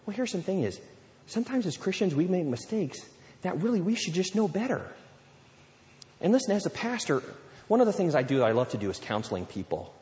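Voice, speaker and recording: A male pastor preaching a sermon, lively and conversational, acting out little scenes and quotes as he goes. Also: sits high, fairly quick. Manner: animated preaching with playful acted-out quotes. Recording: long hall reverb.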